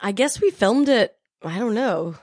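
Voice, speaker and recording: A young woman guesting on a podcast, speaking in a relaxed, soft-spoken way. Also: medium pitch, measured pace, no echo, studio quality. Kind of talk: casual chat.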